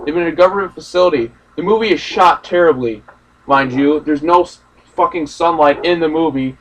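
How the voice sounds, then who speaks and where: A man's voice: on the high side, brisk, a bit bright, recorded from a distance, rough recording. A young man ranting in a casual, profane, rambling way about a film he just saw. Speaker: movie reaction host. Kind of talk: casual ranting movie discussion.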